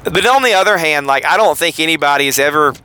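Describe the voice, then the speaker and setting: A man's voice: a little high, expressive, fast talker, bright, forceful tone, slight background noise, poor audio. A man with a Southern accent hosting a podcast, explaining things in a casual, rambling way with many fillers and self-corrections. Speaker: podcast host. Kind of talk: casual teaching monologue.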